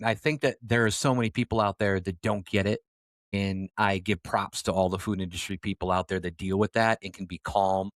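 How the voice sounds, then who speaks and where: A man's voice: on the low side, no echo, studio quality. A young adult man co-hosting a podcast, casually telling a rambling story with lots of fillers and the odd swear word. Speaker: podcast co-host.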